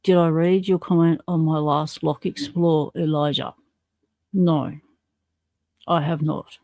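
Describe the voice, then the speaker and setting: A woman's voice: lowish voice, mellow, dry recording. Chatty Australian woman, dry close sound. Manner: chatty and slangy, reading out viewer comments. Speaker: livestream host. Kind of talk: casual livestream chat.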